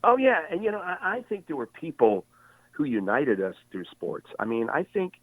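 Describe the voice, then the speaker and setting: A man's voice: a little high, moderate pace, no room sound. Older man storyteller on a tinny phone line. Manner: animated storyteller with many voices. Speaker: veteran sports broadcaster, guest. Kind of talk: storytelling interview.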